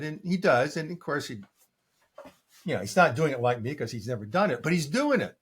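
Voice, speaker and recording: An older man, a coach being interviewed, telling stories in a lively way and acting out what his clients say. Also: a little high, brisk, breathy edge. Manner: animated storytelling, acting out quoted clients. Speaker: coach and guest. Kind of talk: conversational interview answer.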